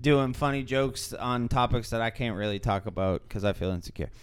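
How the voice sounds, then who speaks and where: A man chatting on a comedy podcast with a smooth, clear voice, cracking jokes and laughing as he goes. His delivery is loose and playful, with plenty of laughter between stories. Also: mid-range voice, little pitch movement, a little fast. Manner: joking, laughs often. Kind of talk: casual chat.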